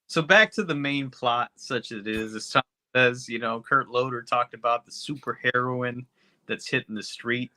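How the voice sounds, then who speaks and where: A man's voice: medium pitch, normal speed, pushed and bright. A man co-hosting a podcast, recapping a movie plot in a laid-back, rambling way. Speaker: podcast co-host. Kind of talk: casual movie review chat.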